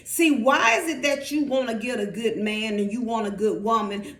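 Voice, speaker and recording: Slow, high-pitched woman preaching. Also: echoey room. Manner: emphatic, repetitive preaching. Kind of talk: sermon.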